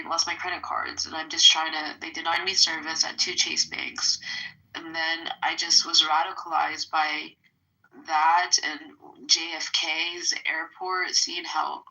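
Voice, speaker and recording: A woman in a casual argument who speaks in a halting way, repeating herself and sounding defensive. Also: low-pitched, creaky, pushed and bright, low-quality recording.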